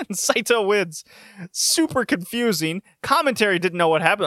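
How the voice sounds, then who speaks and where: Male wrestling reviewer, opinionated and sarcastic, slightly high bright voice, dry recording. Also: sing-song, moderate pace, dry recording. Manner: sarcastic, opinionated, frequent self-corrections. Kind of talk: casual recap and commentary.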